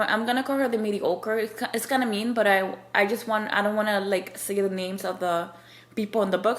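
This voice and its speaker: Girl chatting thru a book recap, rambly, tons of "like", mid pitch. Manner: rambling, lots of "like" and restarts; acts out characters' quoted lines. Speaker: book reviewer. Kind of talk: casual spoilery book recap.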